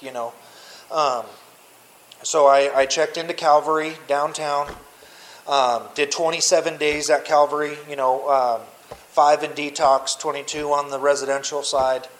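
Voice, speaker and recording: Man, somewhat high voice, podcast guest, blunt and profane, candid personal storytelling. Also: flat delivery, measured pace, rough recording. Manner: blunt and profane, with frequent restarts.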